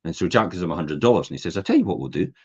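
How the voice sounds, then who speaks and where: Animated husky man telling stories. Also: deep voice, very fast. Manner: animated storyteller acting out voices in anecdotes. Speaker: podcast host. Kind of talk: casual chat. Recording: dull lo-fi podcast audio.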